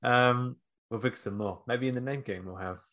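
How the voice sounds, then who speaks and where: A man co-hosting a podcast, talking in a laid-back, halting way. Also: medium pitch, a bit bright. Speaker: podcast co-host. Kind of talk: casual comedic chat.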